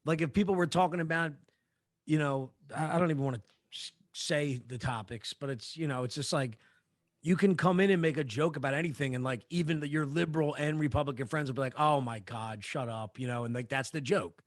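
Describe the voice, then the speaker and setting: A man's voice: on the high side, fairly quick, no echo, studio quality. A man co-hosting a podcast, telling a story in casual chat, rambling with lots of fillers, restarts and swearing. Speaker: podcast co-host.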